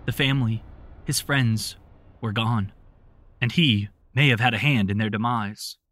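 A man narrating an audiobook in an even, steady storytelling manner. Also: mid-range voice, a little slow, slight background noise.

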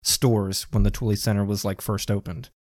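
A man's voice: fairly low pitch, flat delivery, normal speed, darkish tone, no echo. A man chatting casually, rambling a bit and searching for words. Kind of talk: casual chat.

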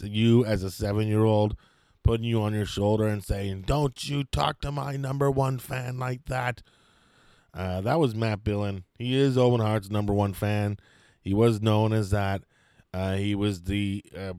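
A man's voice: lowish voice, dark tone, clean tone, no room sound. A man hosting a podcast, introducing a guest and asking questions in hesitant casual chat. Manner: hesitant, many fillers. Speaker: podcast host. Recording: dry close sound.

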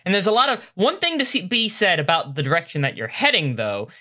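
A man with a bright, forceful voice runs a tabletop game for his friends. He describes the scene casually, with plenty of fillers and quick laughs. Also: high voice, big pitch swings. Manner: loose, joking, with laughs and filler words. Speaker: game master.

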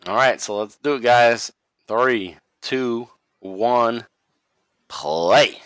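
A man's voice: medium pitch, extremely slow, a bit bright, no echo. Laid-back Boston man, dry close mic. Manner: laughs often, swears casually. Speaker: podcast co-host. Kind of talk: casual chat watching wrestling.

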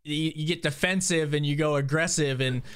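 A man's voice: fairly high pitch, moderate pace, fairly bright tone, clear, resonant tone. A man in his twenties hosting a podcast in casual chat, rambling and making self-mocking jokes. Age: 20s. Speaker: podcast host.

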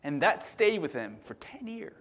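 A man preaching a sermon, telling stories with lots of "right?" tag questions and swinging between loud bursts and hushed murmurs. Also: fairly high pitch, big pitch swings, normal speed. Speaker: pastor.

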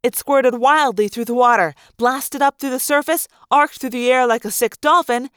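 A woman reads a first-person adventure story aloud for a fan-made audiobook. Her voice sits fairly high and comes across dry and close, with lively, dramatic storytelling. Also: moderate pace, clear, resonant tone, no room sound. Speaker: audiobook reader. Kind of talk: expressive first-person book narration.

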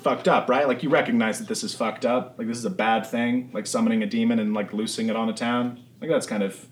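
A man's voice: mid-range voice, fairly even intonation, fast, far from the mic, a little hiss or hum, natural voice. A man voicing a laid-back, swaggering male cleric with a drawling, casual way of talking. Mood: disapproving.

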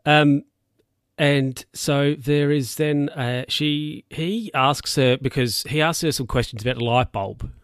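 A man's voice: a little high, slow, clean tone, dry recording, clean studio sound. A young man casually recapping a TV episode, rambling with lots of fillers and asides. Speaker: show recapper.

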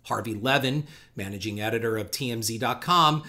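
A man's voice: medium pitch, fairly quick, pushed and bright. A man hosting a podcast, reading a letter and an essay aloud with emphatic, sarcastic asides. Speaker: podcast host. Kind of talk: reading quotes aloud with commentary.

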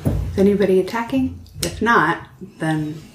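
Slow, giggly woman playing a tabletop game. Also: medium pitch, animated, echoey room, noisy background. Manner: giggly, playful. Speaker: player. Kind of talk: casual tabletop play.

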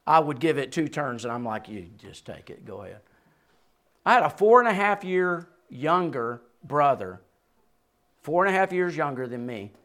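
A man in his sixties preaching a sermon, swinging between loud peaks and quiet drops and chuckling between points. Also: on the high side. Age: 60s. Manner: animated preaching with sudden rises and drops. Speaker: pastor.

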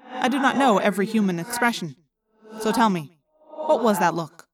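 A woman voicing a calm, formal male alien warrior in an audiobook, with measured, precise diction. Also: mid-range voice, crowd noise, close to an everyday voice. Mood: accusing. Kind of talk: audiobook character reading.

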